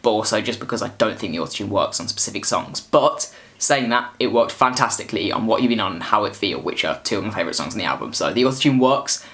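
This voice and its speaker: A man's voice: lowish voice, lively intonation, quick pace, a bit bright. A man giving a casual album review, rambling with frequent restarts. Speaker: music reviewer.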